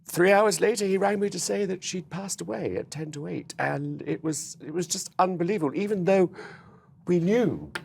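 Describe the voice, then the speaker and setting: A man speaking as a guest in a TV news studio interview, remembering a late friend in a warm, rambling way. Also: high voice, normal speed, vocal fry, slightly rough.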